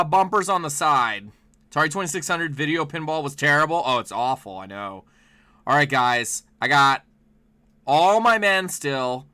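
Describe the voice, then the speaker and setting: A man streaming live gameplay, chatting to viewers and yelping and shouting at the game. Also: mid-range voice, clear, resonant tone. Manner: excitable, yelps and shouts at the game; chats to viewers between plays. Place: home, with his dog in the room.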